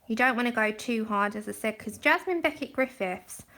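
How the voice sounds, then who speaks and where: A woman hosts an art livestream, chatting casually as she explains her colouring steps and thanks viewers by name. Her voice is on the high side, expressive, and sharp in tone, at normal speed.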